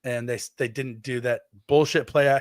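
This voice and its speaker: A man in his thirties co-hosting a podcast, telling stories in an animated way, acting out quotes and swearing freely. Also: medium pitch, fairly quick, no echo, studio quality. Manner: animated storytelling, acts out quotes in exaggerated voices, swears freely. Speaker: podcast co-host. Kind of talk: casual chat.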